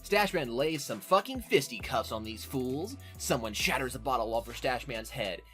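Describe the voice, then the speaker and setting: A man's voice: mid-range voice, big pitch swings, normal speed, fairly bright tone, faint music behind. A man with a nasal voice hosting a casual podcast, recapping an episode in a profane, sardonic way. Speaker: podcast host.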